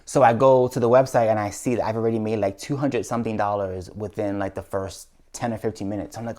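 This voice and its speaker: A man's voice: on the low side, brisk, darkish tone. Earnest man telling a heartfelt story. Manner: earnest, heartfelt retelling with many restarts. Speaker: YouTuber. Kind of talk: personal storytelling vlog.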